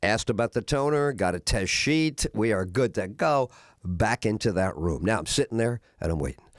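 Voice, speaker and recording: Telling a lengthy anecdote on his radio show, this middle-aged man animatedly imitates the other characters, peppering it all with "uh." His fairly low voice moves at a normal speed, captured in clean studio sound with no echo.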